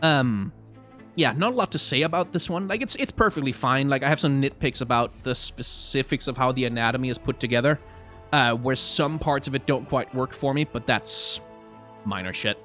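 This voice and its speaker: Man, casual stream commentary, rambling, lots of restarts, frank, mid-pitched voice, faint music behind. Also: normal speed, a bit bright. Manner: rambling, many fillers and restarts; frank, self-deprecating, mild swearing. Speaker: streamer reviewing game card art.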